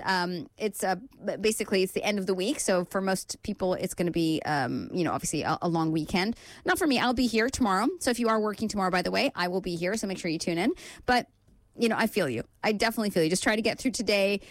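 A woman's voice: medium pitch, no echo. Upbeat chatty woman radio host. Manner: upbeat, chatty, frequent "like" fillers. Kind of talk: casual chat reading listener messages.

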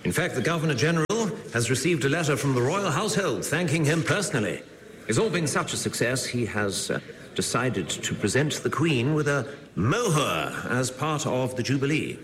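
An actor playing a stiff, formal British official in colonial India who speaks with an upper-class British accent. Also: male voice, medium pitch, big pitch swings, normal speed, fairly bright tone, slight background noise. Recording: film clip with long reverb and faint ambience.

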